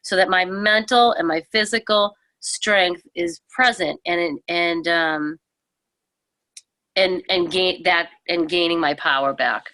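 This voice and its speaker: A woman on a group video call who shares personal reflections in a thoughtful, halting way. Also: fairly low pitch, sharp tone, no room sound. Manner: thoughtful, halting, with many fillers. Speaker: book study participant. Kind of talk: casual reflective sharing.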